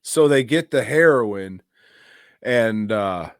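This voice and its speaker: Slow-talking, profane male podcast host. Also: fairly low pitch, expressive, dry recording, studio quality. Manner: profane, jokey rambling. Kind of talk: casual movie review chat.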